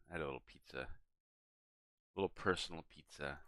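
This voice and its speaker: A young man streaming a game, chatting to viewers in a relaxed, rambling way and yawning now and then. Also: a bass voice, normal speed, vocal fry, dry recording. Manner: relaxed, rambling, talks to chat and his cat. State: yawning, tired. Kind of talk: casual live-stream chat.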